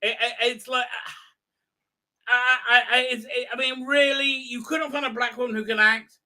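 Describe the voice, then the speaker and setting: A man hosting a livestream, giving a rambling recap of a show with many halting fillers and restarts. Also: extremely high pitch, little pitch movement, sharp tone. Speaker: livestream host. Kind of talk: ranting show recap commentary.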